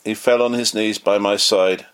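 A man reading a memoir aloud in an earnest, measured way, lightly voicing the quoted lines. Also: on the low side, steady tone, clean tone. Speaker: audiobook narrator.

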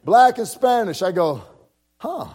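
A man's voice: sits high, sing-song, unhurried, warm tone, slightly rough. A man preaching a personal story, acting out the voices of people he quotes, with frequent repeated words. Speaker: pastor. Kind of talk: storytelling sermon.

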